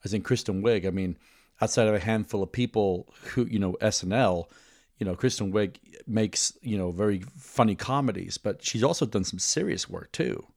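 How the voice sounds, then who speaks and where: A man's voice: fairly low pitch, moderate pace, creaky, darkish tone, no echo, studio quality. A man hosting a podcast, chatting casually with a playful, jokey manner. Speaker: podcast host. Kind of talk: casual chat.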